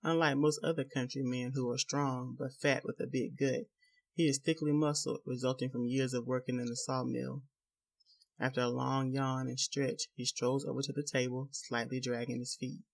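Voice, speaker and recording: A man narrating a novel in a measured, even storytelling voice. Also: mid-range voice, gravelly. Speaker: audiobook narrator. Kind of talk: scripted narration.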